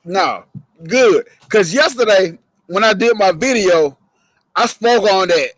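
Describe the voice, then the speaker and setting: High-voiced man ranting about football. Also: lively intonation, slow pace, no echo, rough recording. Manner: emphatic, profane, repeats himself. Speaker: sports show host. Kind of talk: casual sports debate.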